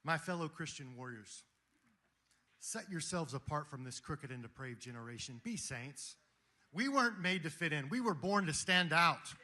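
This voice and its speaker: A man delivers a fervent speech to a live audience, full of rhetorical questions and calls to action. His voice sits fairly high and has a sharp, bright edge. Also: animated, moderate pace, slight background noise. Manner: preaching, rhetorical, emphatic. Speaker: speaker at a Christian gathering.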